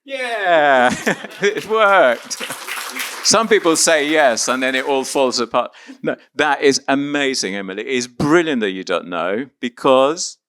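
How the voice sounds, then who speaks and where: A man's voice: medium pitch, animated, slow pace, fairly bright tone, slight background noise. A man from Argentina leading an interactive teaching workshop, upbeat and encouraging as he coaxes volunteers along.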